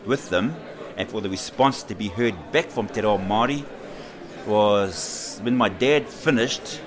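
A middle-aged New Zealander with a lowish voice, appearing as an interview guest, reflects on his own story in unhurried fashion. He hesitates often but becomes animated when quoting other people's voices.

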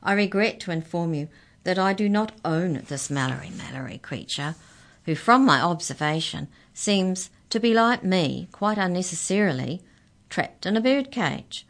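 A woman's voice: on the low side, lively intonation. A woman doing a clever, formal little mouse. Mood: explaining. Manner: precise, formal, measured.

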